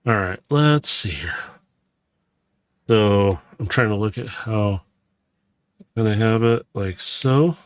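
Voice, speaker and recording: A man's voice: on the low side, dry recording. A man from Missouri chatting casually and rambling a little as he narrates a Lego build for his channel. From Missouri, USA. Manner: rambling and chatty, with frequent fillers and self-corrections. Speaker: vlogger building a Lego set. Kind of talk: casual running commentary while building.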